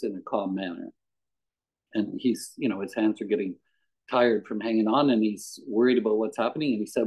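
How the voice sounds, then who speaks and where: A man's voice: on the low side, normal speed, darkish tone, husky, rough recording. A man giving a conversational devotional talk as a guest speaker, mixing anecdotes and readings and chuckling often.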